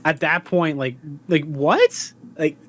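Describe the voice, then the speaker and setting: A man in casual podcast chat, excitable and joking. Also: fairly high pitch, slow pace.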